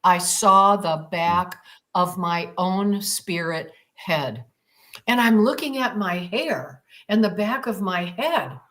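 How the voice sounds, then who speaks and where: A woman's voice: on the low side, slow, a bit bright. Emphatic woman telling a vivid story. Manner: vivid, emphatic retelling with repeated phrases. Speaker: podcast guest. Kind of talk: dramatic personal storytelling.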